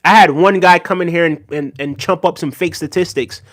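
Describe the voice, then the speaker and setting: Man, live chat host, earnest, slightly high voice, dry close sound. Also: brisk, fairly bright tone, no room sound. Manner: earnest, repeats "right?", thanks chatters by name. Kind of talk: casual live chat commentary.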